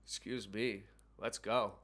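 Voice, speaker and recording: A young man casually telling a personal story on his vlog, excited and swearing often. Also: fairly low pitch, slow pace.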